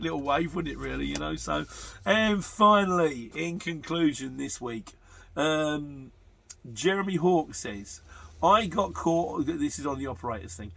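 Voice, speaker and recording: Gravelly, chatty man. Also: fairly high pitch, bright, forceful tone. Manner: chatty and self-mocking, reads comments aloud. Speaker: vlogger reading viewer questions. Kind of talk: casual chat.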